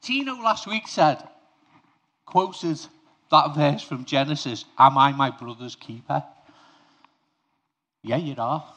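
A man's voice: fairly high pitch, slow pace, pauses often, fairly bright tone. A man preaching an informal sermon to his congregation. He talks conversationally, speaks to them directly and tells personal stories.

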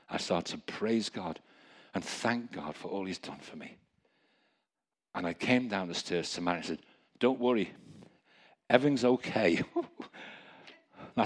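A man preaching a testimony sermon, telling stories in a lively way with chuckling asides. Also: low voice, breathy edge. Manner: storytelling, animated, chuckling asides.

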